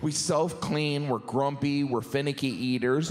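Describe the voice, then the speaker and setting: A middle-aged man doing stand-up comedy on stage, slipping quickly into silly character voices. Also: mid-range voice, sing-song. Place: stage before a laughing audience. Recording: live show with audience noise.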